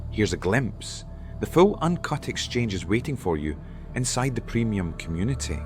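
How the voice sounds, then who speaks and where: Man narrating, dramatic, lively delivery, low-ish voice, faint music bed. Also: normal speed. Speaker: documentary narrator. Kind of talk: scripted narration.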